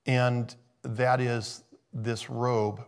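Gravelly-voiced male preacher. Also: mid-range voice, flat delivery, extremely slow. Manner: conversational, thinking aloud, self-interrupting. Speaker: pastor. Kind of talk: sermon.

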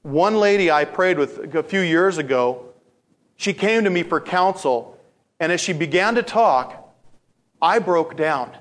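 A male pastor delivering a sermon with a somewhat high voice. He tells stories in an animated way, slips into acted-out voices and repeats key lines to drive them home. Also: unhurried. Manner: animated storytelling, acts out voices, repeats phrases for emphasis.

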